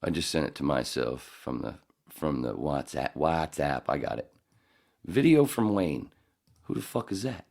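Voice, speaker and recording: A man's voice: a bass voice, expressive, unhurried, gravelly, a little mellow. A man hosting a podcast in casual chat, joking, rambling and swearing freely. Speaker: podcast host.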